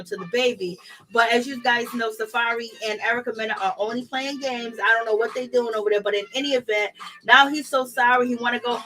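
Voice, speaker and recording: Sassy, bright-voiced woman gossiping. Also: on the high side, slight background noise, rough recording. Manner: chatty, sassy, laughs often, quotes people in mock voices. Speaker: reality TV recap host. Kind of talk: casual gossip commentary.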